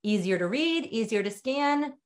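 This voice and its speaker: A woman's voice: on the high side, lively intonation, normal speed. A middle-aged woman leading a webinar on sales writing, talking in an emphatic, direct and conversational way. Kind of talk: webinar training talk.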